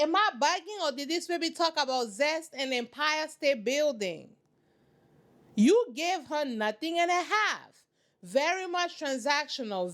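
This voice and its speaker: A woman hosting a reaction channel, giving sassy, emphatic commentary in casual slang. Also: sits high.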